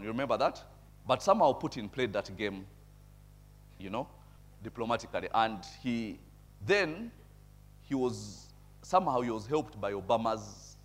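A male preacher who moves between reading scripture and chatting through what it means. He keeps asking his listeners "eh?" and laughs softly at his own asides. Now and then his voice jumps up in loud, emphatic bursts. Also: fairly low pitch. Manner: conversational, tags remarks with "eh?"; chuckles at his own points. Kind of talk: sermon with bible reading and commentary.

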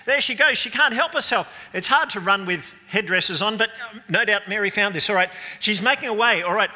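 A man preaching an all-age Easter sermon in a church, his voice bright and cutting with a fairly high pitch. He playfully coaches volunteers through a re-enactment with running stage directions. The church hall lends a long, ringing reverb. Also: a little fast. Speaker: pastor.

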